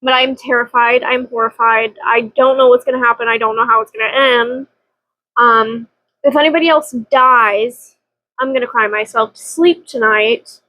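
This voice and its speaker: Young woman, high voice, rambling book vlog from home, dramatic, laughs a lot, swears. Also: fairly even intonation, normal speed, sharp tone, no echo, poor audio. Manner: chatty, dramatic, laughs often, swears casually. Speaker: book vlogger. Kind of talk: casual chat.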